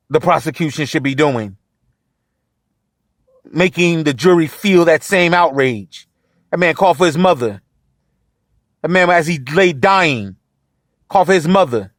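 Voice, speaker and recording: A man's voice: on the high side, measured pace, pauses often, fairly bright tone, dry recording, clean studio sound. A man hosting a podcast in impassioned solo commentary, outraged and emphatic, repeating phrases for force. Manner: outraged, voice rising and pressing. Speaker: podcast host.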